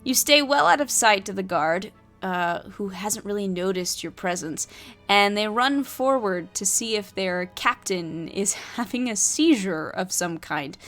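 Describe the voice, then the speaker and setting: A woman's voice: medium pitch, expressive, a little slow, fairly bright tone, soft background music. A woman reading and playing through a solo tabletop adventure, chatting and thinking aloud between passages. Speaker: solo player and narrator.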